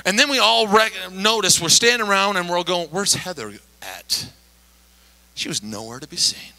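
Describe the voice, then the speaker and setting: A middle-aged pastor tells a story to his congregation with plenty of animation. His voice sits high for a man and sounds very bright and forward. He slips into the voices of the people in the story as he goes. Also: a little fast, creaky, low-quality recording. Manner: animated, acts out quoted voices. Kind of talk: storytelling sermon.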